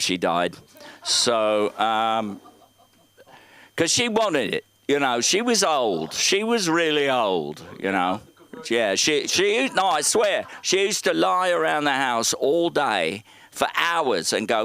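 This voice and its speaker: A man hosting a comedy show, delivering dark jokes deadpan with halting phrasing, speaking into a handheld mic on a club stage. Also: mid-range voice, clean tone, no echo.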